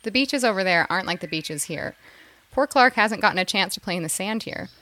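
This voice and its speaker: An eager young mother, chatty and a bit nervous, with small laughs breaking through her speech. Her voice sits at an everyday middle pitch in an audio drama. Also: lively intonation, a little fast, pushed and bright.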